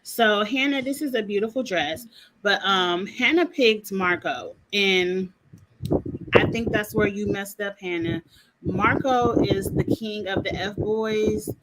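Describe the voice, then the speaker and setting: A woman's voice: medium pitch, slow pace, background noise. A woman recapping a reality show in a casual, blunt, sassy way, full of slang and asides.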